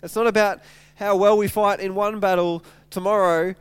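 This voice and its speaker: A man's voice: sits high, moderate pace, smooth, no echo. A man preaching a sermon, retelling scripture in casual everyday language with lots of stumbles and repeated words. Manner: animated storytelling, retelling scripture in casual speech. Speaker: pastor.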